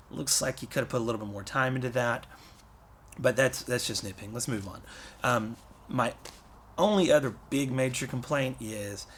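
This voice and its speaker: A man's voice: mid-range voice, a bit bright, slight background noise. A man giving a casual, rambling spoken review of a film, full of fillers and restarts.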